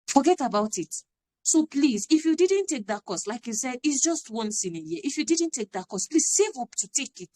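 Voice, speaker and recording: Woman, parenting coach, live talk, emphatic, repeats herself, slightly high voice. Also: very animated, normal speed, mellow. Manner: earnest, emphatic, repeats key phrases.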